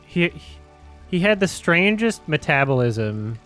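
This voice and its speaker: Guy telling a story kind of haltingly on stream, quiet music in the back. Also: on the high side, big pitch swings. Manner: halting storyteller, many ums and restarts. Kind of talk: casual anecdote telling.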